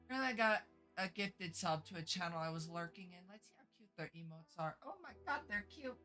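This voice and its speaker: Woman streamer, bright forceful voice, chatty and profane, reads and answers chat. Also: on the low side, fast talker, soft background music. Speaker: game streamer. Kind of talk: casual live-stream chat.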